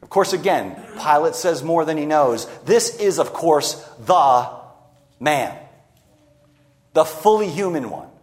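A man with a high-pitched voice delivers an expository sermon. He acts out quoted lines and drops his pace sharply to land key phrases. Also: animated, slow pace. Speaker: preacher.

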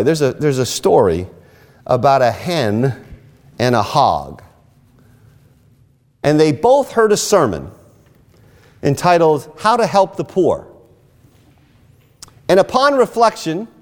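A man preaching a sermon, telling stories and rising into emphatic, animated lines. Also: fairly high pitch. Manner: animated storytelling with emphatic rises. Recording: long hall reverb.

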